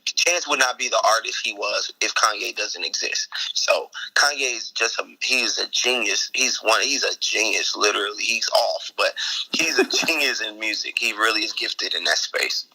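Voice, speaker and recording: Bright, husky comedian from Chicago. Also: male voice, lowish voice, moderate pace, low-quality recording. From Chicago, USA. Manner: upbeat, laughs easily. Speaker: guest comedian and actor. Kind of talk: casual interview chat.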